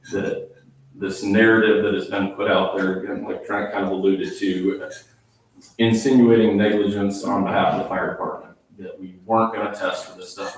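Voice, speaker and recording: Firm fire chief speaking in an echoey hall. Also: male voice, on the low side, slight background noise. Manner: firm, defensive, repeats "okay?". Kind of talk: public comment at a council meeting. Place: small town council chamber. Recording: echoey room from far off.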